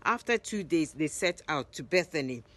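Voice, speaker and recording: A woman narrating Bible stories in a lively retelling, raising her voice for the quoted lines. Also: low-pitched, moderate pace. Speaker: Bible storyteller.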